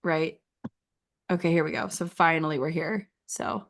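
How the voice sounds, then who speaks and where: A woman's voice: sits low, steady tone, normal speed. A woman giving friendly, chatty feedback on a photographer's website in a casual online critique session, with many "like"s. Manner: chatty, encouraging, uses "like" a lot. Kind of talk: casual screen-share critique.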